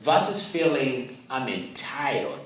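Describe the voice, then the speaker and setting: A man's voice: mid-range voice, very animated, slow. Guy pastor telling a story from the pulpit, easy chatty sermon, far off mic, big echo. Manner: conversational storytelling preaching. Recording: very echoey hall, mic far off, faint noise.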